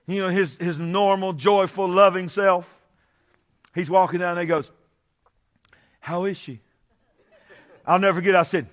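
High-voiced preaching man, shouting peaks. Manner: swings from conversational asides to shouted, drawn-out preaching. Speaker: pastor. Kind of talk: Pentecostal-style preaching. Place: church sanctuary.

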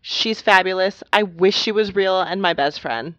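A woman's voice: medium pitch, moderate pace, fairly bright tone, no echo. Young woman, dry lo-fi recording. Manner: friendly, laughs easily. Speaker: podcast co-host. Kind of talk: casual chat. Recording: dry, dull lo-fi sound.

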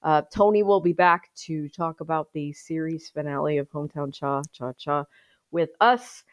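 A woman's voice: deep voice, moderate pace. A woman co-hosting a casual podcast chat, teasing and wrapping up the show. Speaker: co-host.

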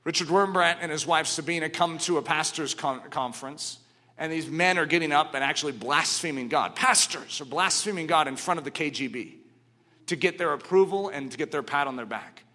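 A man preaching a sermon, telling stories dramatically and swinging from hushed to ringing. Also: on the high side, brisk.

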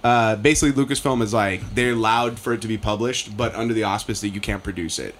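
A man in casual podcast chat, rambling with lots of fillers and swearing, getting excited about a fandom. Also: on the low side, fast, a little hiss or hum. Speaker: podcast co-host.

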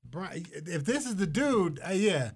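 A man in easygoing podcast banter, often jumping in on the other host. His voice sits a bit high and swings widely in pitch. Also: unhurried, slightly rough. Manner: relaxed, chiming in, with restarts. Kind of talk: casual chat.

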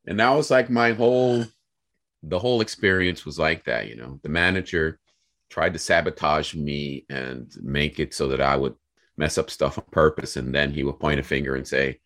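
Deep-voiced american guy telling a story on a podcast, loose and animated. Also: normal speed. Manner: animated, acts out quoted people. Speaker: guest. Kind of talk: casual storytelling.

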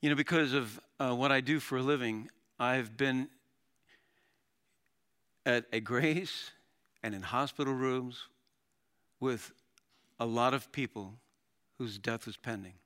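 A middle-aged male pastor preaching a sermon, animated, with dramatic readings and laughs. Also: mid-range voice, measured pace, pauses often, smooth.

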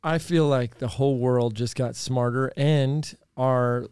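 A man's voice: medium pitch, steady tone, measured pace, darkish tone, smooth, no room sound. A man hosting a podcast in a mid-range voice. He jokes and banters easily, sounding dry and close to the mic. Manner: joking, easygoing banter. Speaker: podcast host. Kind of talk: casual chat.

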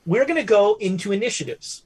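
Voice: mid-range voice, animated, a little fast, darkish tone, a little hiss or hum, poor audio. A game master running a tabletop horror game for players, talking loosely with many fillers and restarts.

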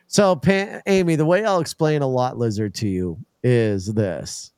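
A man's voice: mid-range voice, unhurried, clean tone, no echo, clean studio sound. A man hosting a casual group call, telling stories with lots of laughter. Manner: animated, laughing storyteller. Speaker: host.

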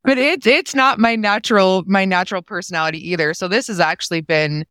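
A woman guest in a casual interview, easygoing and quick to laugh. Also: medium pitch, a bit bright, smooth, no room sound. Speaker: guest, nonprofit co-founder.

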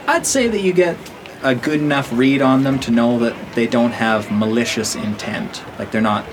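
A man narrating as game master in a relaxed, chatty way with fillers. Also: medium pitch, moderate pace, noisy background.

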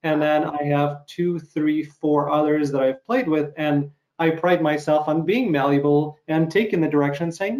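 A man's voice: fairly high pitch, fairly even intonation, normal speed, few pauses, a little mellow. A man interviewing a guest, who talks about his own auditions in a loose, rambling way, thinking aloud. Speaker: interviewer and actor. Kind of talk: casual interview talk.

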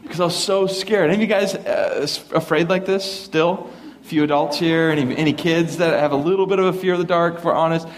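A man's voice: brisk, a little hiss or hum. A middle-aged man preaching a storytelling sermon, acting out family members in raised voices, in a church hall with an audience. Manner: animated, acts out family members in higher voices. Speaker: pastor.

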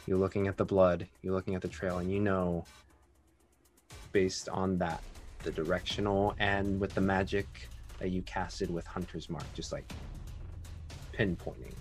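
A man running a tabletop game as dungeon master, describing scenes in a slow narrating voice and turning upbeat when chatting. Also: low-pitched.

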